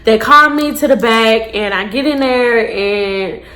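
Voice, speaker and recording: A woman tells her storytime straight to her viewers. Her voice sits somewhat high, and she talks in a loose, profane, animated way, like a vlogger chatting with her followers. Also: unhurried. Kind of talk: casual storytime.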